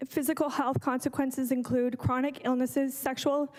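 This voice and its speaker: A woman with a high voice reads a prepared statement at a council lectern. She sounds earnest and pauses to correct herself. Her voice carries the long reverb of a large chamber. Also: fairly even intonation, a little mellow. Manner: earnest, apologizes and corrects herself mid-sentence. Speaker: public delegate.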